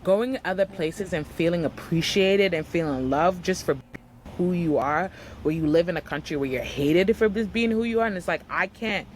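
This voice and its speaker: Animated young woman telling travel stories. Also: lowish voice, normal speed, a little hiss or hum. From United States. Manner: animated storyteller, acts out quotes, says "like" often. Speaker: guest. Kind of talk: casual chat.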